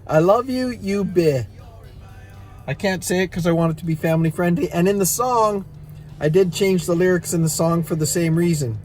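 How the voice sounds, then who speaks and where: A man's voice: a little high, fairly even intonation, brisk, darkish tone, faint music behind. A middle-aged man in back pain, casually telling viewers a rambling, self-mocking story and chuckling at his own jokes. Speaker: vlogger and songwriter.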